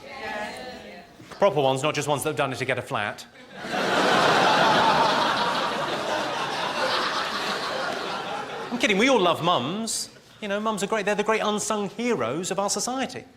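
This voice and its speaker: A man's voice: high voice, expressive, slow pace, pauses often. A man telling dry, bawdy stand-up stories. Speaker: stand-up comedian. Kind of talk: stand-up comedy. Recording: loud noisy live recording.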